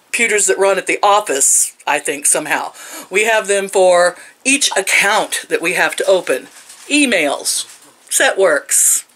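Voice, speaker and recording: A woman's voice: medium pitch, fairly bright tone. A woman in her sixties telling a story in a casual rant, sarcastic and laughing often. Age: 60s. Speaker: vlogger.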